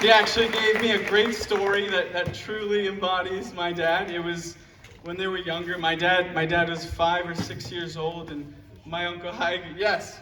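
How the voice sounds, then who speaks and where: A young man giving a roast speech about his father at a live event, telling jokes and stories and laughing along with the audience. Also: high-pitched. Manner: joking storytelling, laughing at his own lines. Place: large hall at a live event. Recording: echoey hall from far off, noisy.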